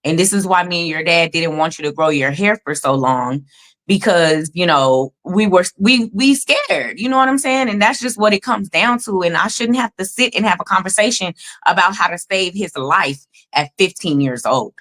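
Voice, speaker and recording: A woman's voice: on the low side, expressive, normal speed, fairly bright tone. A woman in her thirties and a mother, talking candidly and emphatically with lots of profanity in a casual livestream chat over a video call. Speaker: co-host and mother.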